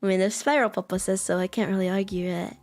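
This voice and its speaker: A woman's voice: mid-range voice, steady tone, quick pace, a little mellow. A chatty American woman streaming and talking casually to her viewers, giggling easily and filling her lines with "like". Her voice sits in a middle range, and faint music plays underneath. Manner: giggly, chatty, says like a lot. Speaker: VTuber streamer. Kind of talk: casual chat with live chat.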